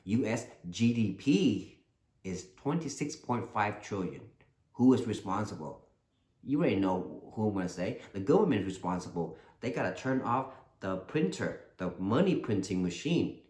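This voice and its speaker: Deep-voiced earnest man in an echoey room. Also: moderate pace. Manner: earnest, animated, repeats himself. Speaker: channel host. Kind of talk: casual commentary monologue.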